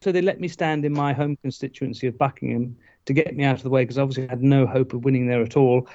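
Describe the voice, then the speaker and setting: A man's voice: medium pitch, fairly even intonation, quick pace, mellow, dull audio. A man guest telling a digressive story in a casual podcast conversation, wry and self-aware.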